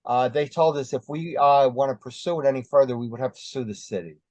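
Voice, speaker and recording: An older man tells his story in a loose, meandering way and keeps pausing on ums and uhs. The sound is dry and a little dull, with no room tone. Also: mid-range voice, darkish tone, dry recording. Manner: rambling, many ums and uhs. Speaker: interview guest. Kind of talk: casual storytelling.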